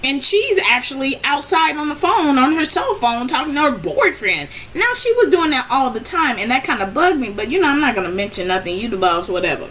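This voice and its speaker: Animated woman venting a work story. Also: a little fast, few pauses, slight background noise, rough recording. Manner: animated, pitch jumping high when reliving frustration; rambling with frequent restarts and "I'm like". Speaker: vlogger telling a personal story. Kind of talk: casual storytime.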